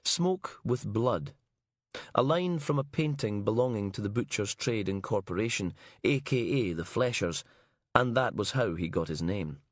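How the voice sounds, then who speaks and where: Brief: male audiobook narrator, measured crime-novel reading, lowish voice, dead-dry close recording. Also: animated, no room sound.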